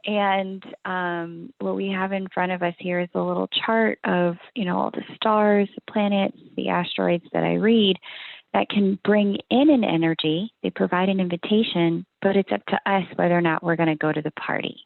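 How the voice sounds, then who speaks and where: A woman's voice: medium pitch, steady tone, normal speed, creaky, dry recording. A woman guest astrologer answering interview questions in a friendly, assured way, with light laughter. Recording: dry tinny call audio.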